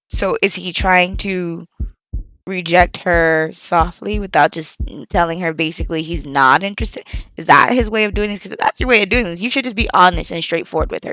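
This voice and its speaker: A woman's voice: fairly low pitch, normal speed, sharp tone, no room sound, studio quality. Woman streamer reacting to a game. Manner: reactive, keeping her voice down late at night. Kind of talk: game playthrough commentary. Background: faint game music.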